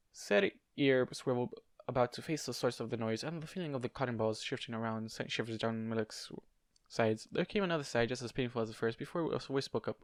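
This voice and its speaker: A man's voice: mid-range voice, dry recording. Man reading fanfiction aloud, dry and close. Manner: stumbles and corrects himself, adds casual asides. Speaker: fanfiction reader. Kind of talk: amateur audiobook narration.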